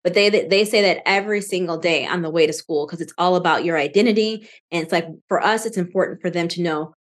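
A woman in her thirties, a podcast guest, telling lively stories and acting out the quotes she recalls. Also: fairly low pitch, fast. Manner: animated storytelling, acts out quotes. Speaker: podcast guest, financial coach. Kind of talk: casual podcast interview.

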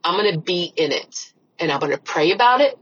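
A woman's voice: lowish voice, lively intonation, a little fast, a bit bright, slightly rough, dull audio. A middle-aged woman hosting a faith podcast, talking earnestly through tears and praying aloud. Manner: earnest, emotional, repeats phrases. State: tearful, crying. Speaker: podcast host. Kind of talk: personal faith podcast talk and prayer.

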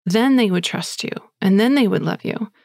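A woman's voice: mid-range voice, moderate pace, vocal fry, a little mellow, no room sound, studio quality, lightly acted. A woman voicing a young peasant boy, earnest and hopeful, in a breathless, eager storytelling cadence.

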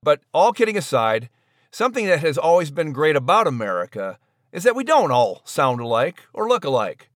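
A man's voice: a little high, big pitch swings, normal speed, a bit bright, no room sound, studio quality. A man voicing a prim, fussy male mouse in comedic podcast banter, with a genteel, hesitant manner.

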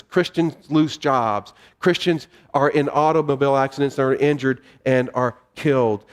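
A male pastor preaching a sermon with measured pauses and repetition in a church sanctuary. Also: mid-range voice. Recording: long reverb of a hall.

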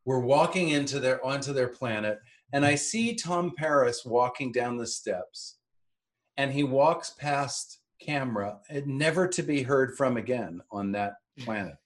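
A man's voice: mid-range voice, a little slow. A middle-aged man co-hosting a casual rewatch podcast, wry and teasing as he recalls working on the show. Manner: wry, teasing, drops into playful mock voices. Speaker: podcast co-host and former series actor.

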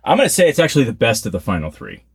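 A man's voice: racing, vocal fry, husky. A man co-hosting a podcast, chatting casually and poking fun at himself. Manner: chatty, self-mocking, animated swings in pitch. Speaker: podcast co-host.

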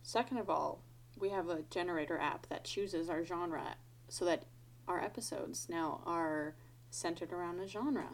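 A woman's voice: on the low side, moderate pace, slight background noise, low-quality recording. Teasing woman podcast co-host, laughs often. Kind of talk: casual chat.

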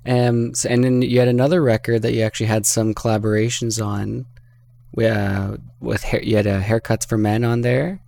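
A man's voice: medium pitch, level tone, moderate pace, gravelly, dark tone, dry recording. A man with a Canadian accent hosting a casual interview, laid-back with short reactions. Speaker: interview host.

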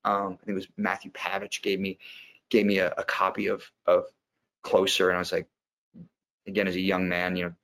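A man with a very deep, low-pitched voice speaks as an interview guest. He is an actor who reflects on his craft in a thoughtful, unhurried way and explains his ideas at length. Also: monotone, a bit bright. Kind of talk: conversational interview answer.

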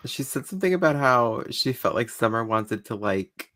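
Low, lively-voiced woman co-host with blunt, dry delivery. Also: normal speed, slight background noise. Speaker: podcast co-host. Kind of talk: casual chat.

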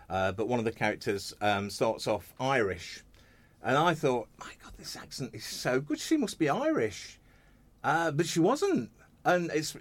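Chatty guy hosting a radio show, voice bouncing up and down a lot, jokey. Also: mid-range voice. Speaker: radio host. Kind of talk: casual radio interview. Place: radio studio.

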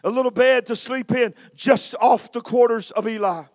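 A man's voice: very high voice, moderate pace. A man preaching a storytelling sermon with a dramatic, emphatic delivery.

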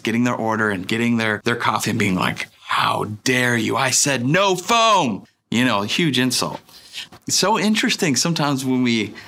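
Bright-voiced man giving a casual sermon. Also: lowish voice. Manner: conversational, animated storytelling with asides. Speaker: pastor.

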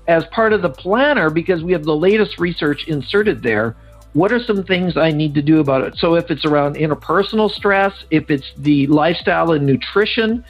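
A man hosting a podcast, introducing a guest and pitching a product in an earnest, loosely phrased way, correcting himself as he goes. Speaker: podcast host. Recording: dull lo-fi sound with faint music.

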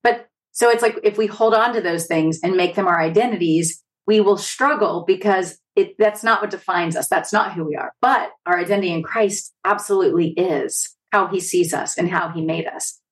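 A woman's voice: fairly low pitch, normal speed, few pauses, far from the mic. A woman hosting a podcast interview, affirming her guest and asking questions with casual fillers. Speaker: podcast host.

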